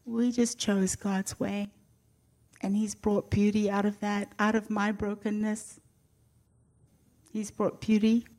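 An older woman speaks to a church congregation about her faith. Her voice sits at an ordinary pitch for a woman. She talks in an earnest, heartfelt way and slips in gentle humor now and then. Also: little pitch movement, slow pace, long pauses. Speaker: guest speaker sharing a faith testimony. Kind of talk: personal testimony to a church audience.

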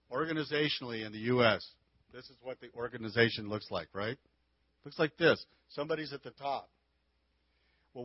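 A man's voice: mid-range voice, dry recording, muffled recording. A man giving a casual, folksy church lesson on marriage into a handheld microphone, with frequent restarts. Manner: folksy, conversational teaching with many restarts. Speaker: marriage teacher. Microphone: handheld mic.

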